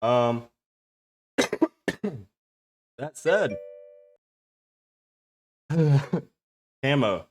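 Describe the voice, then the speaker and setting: A man's voice: mid-range voice, expressive, extremely slow, pauses often, soft background music. A man streaming from a home setup, chatting casually and profanely with his viewers in a rambling way. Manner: profane, rambling, talks straight to chat.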